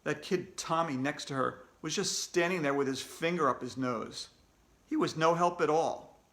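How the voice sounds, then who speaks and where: A man reading his own children's book aloud, telling the story with animated expression. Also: fairly high pitch, normal speed. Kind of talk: children's read-aloud narration.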